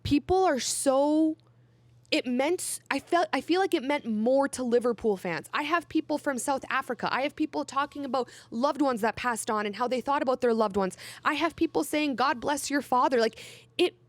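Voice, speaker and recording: Young woman, higher voice, dry close sound; chatty podcast host who gets emotional and laughs. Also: moderate pace, dry recording. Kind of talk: casual chat.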